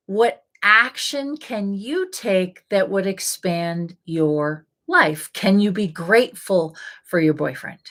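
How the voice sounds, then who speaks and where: A woman life coach in a live session, answering viewer questions in a casual, coaxing way with lots of rhetorical questions. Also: medium pitch. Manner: casual, frequent "like" fillers.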